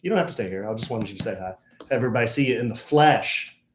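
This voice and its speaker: A man's voice: mid-range voice, racing. A middle-aged man co-hosting a podcast in casual, joking chat. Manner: lively, joking, talks with his son. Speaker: podcast co-host. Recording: echoey room with faint noise.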